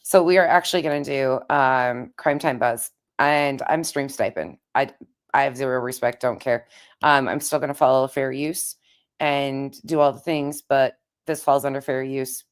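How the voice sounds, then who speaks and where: Raspy, very low-voiced woman streamer. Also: fairly even intonation, moderate pace. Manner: chatty, greets viewers by name. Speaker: live streamer. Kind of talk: casual live-stream chat.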